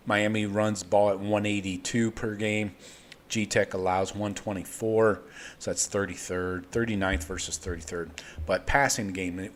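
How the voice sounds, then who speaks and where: A man hosting a live sports betting show, rambling casually and swearing freely. His voice sits on the low side. A faint room noise runs underneath. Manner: loose, rambling, profane. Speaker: host.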